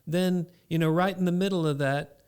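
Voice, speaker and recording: A man on a podcast, a father telling an animated story about faith and his young son in a casual chat. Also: high-pitched, normal speed, clean tone. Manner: animated storyteller acting out scenes. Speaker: podcast co-host.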